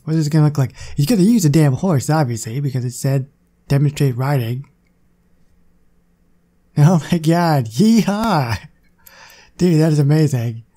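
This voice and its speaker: A young man giving casual, excitable commentary on his gameplay and chatting to viewers. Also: fairly high pitch, moderate pace, long pauses. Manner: excitable, chatty, talks to the game. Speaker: gaming channel host.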